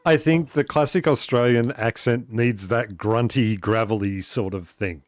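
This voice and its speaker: During a live game stream, a man chats easily, reading messages aloud and laughing often between tasks. His middle-pitched voice is unhurried with few pauses. The sound is dry and close, with no room echo.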